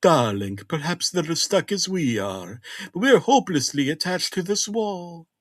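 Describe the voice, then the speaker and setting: A man's voice: on the high side, very animated, unhurried, a bit bright, no echo, clean studio sound, voice pushed up, exaggerated voice. A man voicing a female animatronic spy with a put-on mock-Russian accent, in a spoken horror story. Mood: teasing. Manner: theatrical mock-Soviet drawl. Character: female Cold War spy puppet, fake Russian accent.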